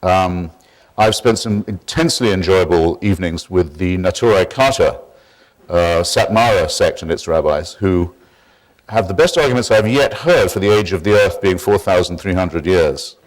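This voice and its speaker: A man giving a public lecture in a wry, digressive, measured way. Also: deep voice.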